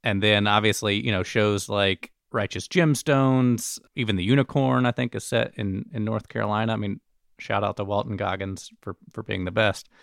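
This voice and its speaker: A man hosting a podcast, measured and steering the discussion in casual chat. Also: on the low side, fairly even intonation, gravelly, no room sound, clean studio sound. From Alabama. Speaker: podcast host.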